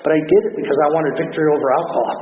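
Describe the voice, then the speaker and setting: A man's voice: a little high, steady tone, very fast. A middle-aged man candidly telling his recovery story at a meeting, rambling and self-deprecating. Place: meeting hall. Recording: echoey hall, dull, noisy.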